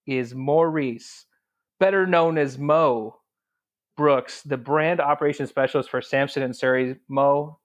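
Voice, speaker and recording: A man in his thirties co-hosting a podcast in casual chat, halting and often repeating his words. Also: mid-range voice. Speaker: podcast co-host.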